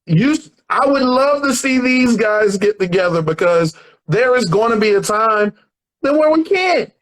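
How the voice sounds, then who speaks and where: A comedian talking in a loose, animated way, laughing through his stories. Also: sits high, a little slow, low-quality recording. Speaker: comedian guest. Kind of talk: casual chat.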